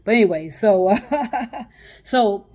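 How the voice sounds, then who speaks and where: A woman's voice: on the low side, normal speed, darkish tone. A woman talking off the cuff in a casual monologue about communication tips, rambling and blunt, swearing freely and laughing between thoughts. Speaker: channel host giving communication tips.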